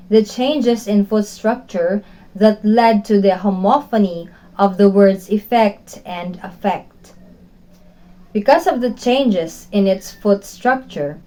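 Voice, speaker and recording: A young woman, a student reporter, slowly and carefully reading a prepared class report aloud. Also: mid-range voice, mellow, low-quality recording.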